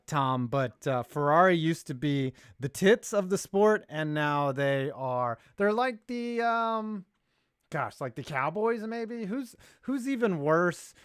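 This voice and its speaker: A man's voice: on the high side, a bit bright, clean tone, dry recording, clean studio sound. A man hosting a casual sports podcast, joking around and reading viewer comments aloud. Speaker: podcast host.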